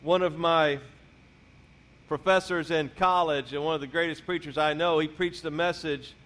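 A pastor delivering a sermon in a high-pitched male voice. He retells the scripture story in a loose, conversational way, as if chatting with the congregation. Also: fairly even intonation, moderate pace, a bit bright.

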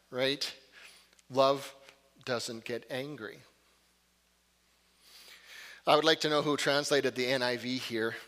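A middle-aged man preaching a sermon, telling stories with energy and swinging from loud outbursts to hushed lines. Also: medium pitch. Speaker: pastor. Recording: long reverb of a large hall.

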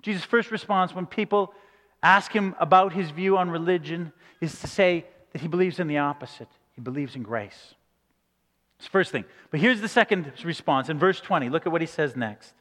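High-voiced male preacher in a reverberant hall. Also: normal speed, fairly bright tone. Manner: conversational, acts out quoted reactions. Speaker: pastor. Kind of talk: sermon.

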